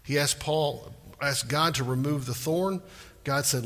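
A pastor preaching a sermon with animated delivery, acting out prayers in a rising voice. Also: male voice, fairly high pitch, measured pace, in a large hall.

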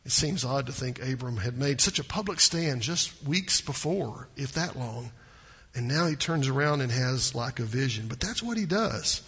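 A pastor with a high-pitched, bright, husky voice and a forceful tone preaches a sermon in church. His style is folksy and conversational, full of rhetorical questions for the congregation, and the recording has hall reverb.

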